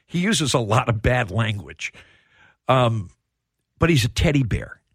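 A man's voice: mid-range voice, very animated, unhurried, fairly bright tone, breathy edge, no room sound, studio quality. A middle-aged man hosting a sports talk radio show, telling heartfelt stories with plenty of restarts. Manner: heartfelt storytelling.

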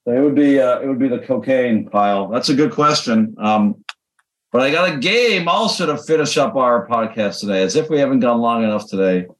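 A man's voice: mid-range voice, expressive, fairly quick, slight background noise, rough recording. A man co-hosting a radio podcast, chatting casually in a loose, rambling way with many fillers. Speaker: podcast co-host. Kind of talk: casual chat.

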